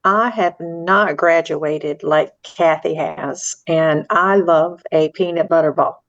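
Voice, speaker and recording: A woman's voice: low voice, slow, hardly any pauses, no room sound. A woman chatting on a podcast in a candid, cheerful way, recorded with a dull lo-fi sound. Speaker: podcast panelist. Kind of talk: casual chat.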